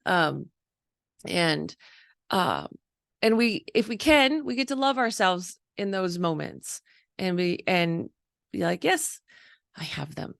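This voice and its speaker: A woman's voice: lowish voice, lively intonation, slow pace, vocal fry, long pauses, a bit bright, no room sound, clean studio sound. A woman around fifty hosting a candid personal monologue, chatty and open, often laughing and quoting her own thoughts, over a video call. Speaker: host.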